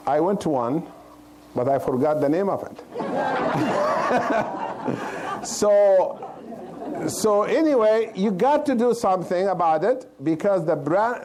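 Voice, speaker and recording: A man's voice: high voice, darkish tone, slight background noise, poor audio. A man, a cardiologist, giving an informal health lecture to a live audience, plain-spoken and checking in with listeners as he goes. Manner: plain-spoken, loose grammar.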